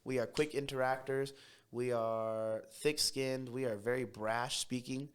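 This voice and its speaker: A young man from Tacoma, Washington, appears as a podcast guest in a casual storytelling interview. His mid-range voice is fast and brash, like a city talker, and he speeds up when he gets excited.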